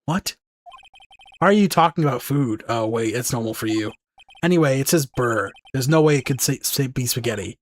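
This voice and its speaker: A man voicing a young male lawyer in a game playthrough, dropping his voice lower in a dry, wry manner. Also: animated, normal speed, close to an everyday voice.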